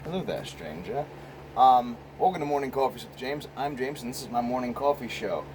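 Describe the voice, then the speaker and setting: An American man hosts his own casual vlog, filmed on a phone against a noisy background. His medium-pitched voice moves fairly quickly as he rambles and swears, restarting often.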